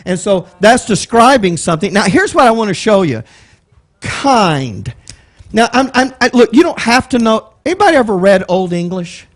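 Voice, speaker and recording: A man with a Texan accent and a high-pitched voice leads a Bible study in a church meeting room. He talks in a loose, conversational way, picks words apart one at a time and keeps asking his listeners questions. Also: very animated, normal speed. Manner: conversational, explains word by word, asks the room questions. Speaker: Bible teacher.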